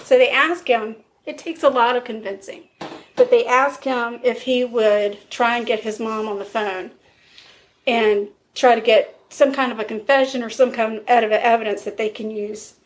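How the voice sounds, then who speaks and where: A woman's voice: fairly high pitch, normal speed. A woman co-hosting a podcast, telling a true-crime story in a casual way and acting out the quoted dialogue. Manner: lively retelling with quoted dialogue.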